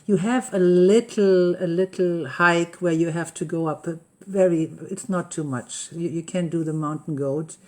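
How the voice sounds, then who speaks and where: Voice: mid-range voice, normal speed, hardly any pauses. A host telling everyday personal stories in a rambling, chatty way, often searching for the right English words. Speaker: host of a live coffee-and-talk session. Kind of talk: casual personal storytelling. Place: lives on a rural estate in Mallorca.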